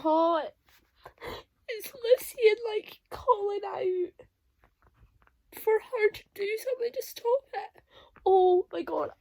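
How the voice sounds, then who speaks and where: A woman's voice: high voice, no room sound. A young woman vlogging emotional reactions aloud as she reads a novel. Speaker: booktuber reading a novel. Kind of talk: casual reading vlog reactions.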